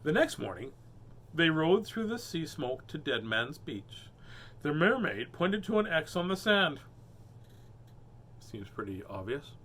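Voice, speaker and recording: Man, storybook reading host, animated, bright tone, pun jokes. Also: fairly high pitch, unhurried. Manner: animated, punning and joking. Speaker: host reading children's books. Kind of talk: storybook read-aloud with joking asides.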